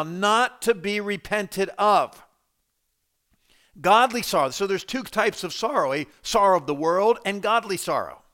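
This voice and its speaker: A pastor preaching a sermon, dropping to quiet low asides and then rising to loud emphatic lines. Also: male voice.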